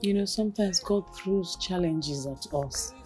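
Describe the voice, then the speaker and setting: A patient Nigerian mother, played by a woman, coaxing softly in a lowish voice. She speaks very slowly, and faint music plays behind her. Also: natural voice. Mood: soothing. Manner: gentle, coaxing, unhurried. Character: soothing mother, middle-aged woman.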